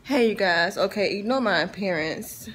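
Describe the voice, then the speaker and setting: A young woman vlogging in casual chat, frank and animated, talking with slang. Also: mid-range voice, moderate pace, a little hiss or hum. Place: in a car.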